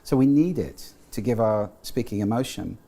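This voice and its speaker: Gravelly, husky British man explaining. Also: on the low side, animated, normal speed, mellow. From Britain. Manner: thoughtful, explanatory, with frequent restarts and "you know". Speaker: guest, sound and speech expert. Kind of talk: interview conversation.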